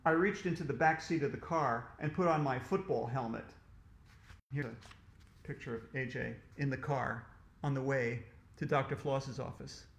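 A man reading a children's storybook aloud, expressive and animated. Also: mid-range voice, moderate pace, roomy sound.

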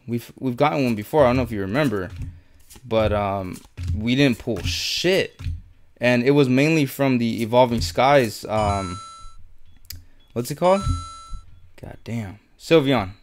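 A man's voice: mid-range voice, expressive, measured pace, long pauses, a little hiss or hum. A young man in casual unboxing commentary, listing cards as he sorts them, swearing often and muttering his frustration. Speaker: YouTuber opening trading card packs.

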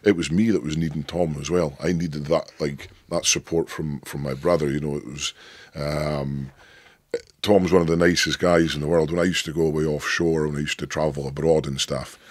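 A Scottish man in his thirties with a deep voice, a guest telling stories in a rambling, sweary, emphatic way. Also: steady tone, moderate pace, no echo. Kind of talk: casual interview chat.

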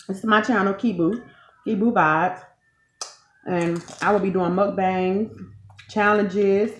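Hosting a relaxed eating video, a channel owner and mother in her thirties talks directly to her viewers in a chatty, folksy manner, calling them "y'all" again and again. She has a medium-pitched voice, recorded with dull, lo-fi sound in an echoey room.

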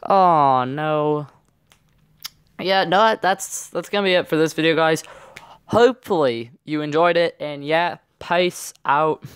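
A man giving casual, excitable gameplay commentary with playful trash talk. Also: on the high side, unhurried, clear, resonant tone. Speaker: gaming channel host.

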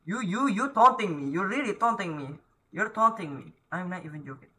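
Man, horror gameplay commentary, high voice, very bright and tense tone, yelps and pleads at the screen. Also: lively intonation, a little fast. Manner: jumpy, yells and pleads at the ghost. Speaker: gaming YouTuber. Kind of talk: horror let's-play commentary.

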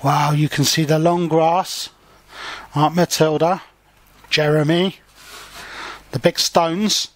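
A man's voice: a little high, flat delivery, slow, long pauses. A man reading a children's picture book aloud for language learners and explaining it in simple words. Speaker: storybook reader and language teacher.

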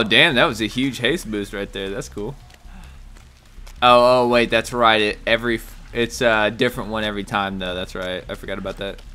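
A young man giving casual, jokey commentary over a video game, reacting loudly to big moments. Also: lowish voice. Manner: excitable, jokey, shouts and laughs at big plays. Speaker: gaming YouTuber.

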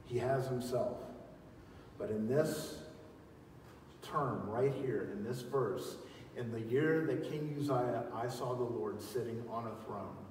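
Preacher booming through an echoey hall. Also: male voice, slow pace, far from the mic, a little hiss or hum. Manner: emphatic preaching, swinging from loud calls to quiet teaching; leads the congregation in call-and-response. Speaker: pastor. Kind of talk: sermon. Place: large church hall.

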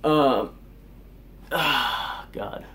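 A man's voice: medium pitch, extremely slow, heavy background noise. Swearing, exasperated teenage guy ranting. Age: teens. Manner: swears constantly, exasperated, rants with sighs. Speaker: vlogger. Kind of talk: angry ranting vlog.

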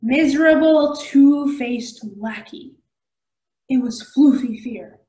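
A woman reading a children's novel aloud in a measured, expressive way. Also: on the high side, roomy sound, poor audio. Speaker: storybook reader.

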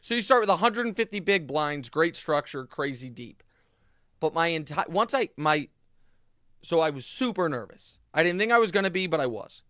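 A man hosting his own podcast, telling a story in a casual, animated monologue full of fillers and asides. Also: on the high side, moderate pace, dry recording, studio quality. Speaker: podcast host.

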